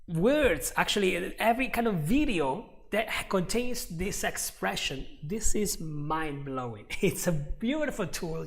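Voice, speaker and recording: A man teaching a live online English lesson, chatty and laughing often, repeating example phrases slowly. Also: sits high, gravelly, fairly bright tone.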